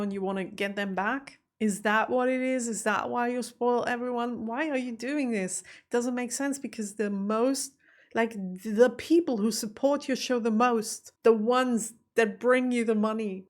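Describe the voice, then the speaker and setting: Brief: young woman reaction host, chatty and emotional, somewhat high voice. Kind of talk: casual reaction commentary.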